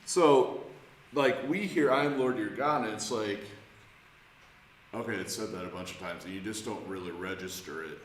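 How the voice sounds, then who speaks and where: In an echoey church room with faint ambience, a man with a fairly low voice leads an informal Bible study at a moderate pace. He talks conversationally, often restarting his sentences and putting questions to the group.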